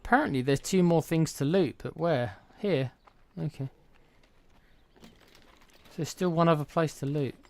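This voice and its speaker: A man casually commenting on a video game as he plays, relaxed and blunt, muttering to himself. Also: on the high side, normal speed, dry recording. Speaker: gaming streamer.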